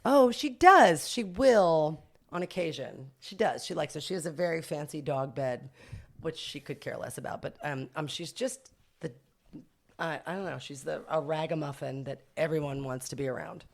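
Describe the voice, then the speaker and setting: A middle-aged woman with a low voice tells stories in a casual interview. She is a boutique owner and podcast guest. She talks in a chatty, self-mocking way, with frequent laughter. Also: moderate pace, creaky.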